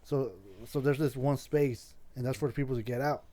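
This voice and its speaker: Rambling, cursing young podcast host. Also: male voice, mid-range voice, steady tone, fairly quick, warm tone. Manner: rambling, swears a lot, restarts often. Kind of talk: casual storytelling chat.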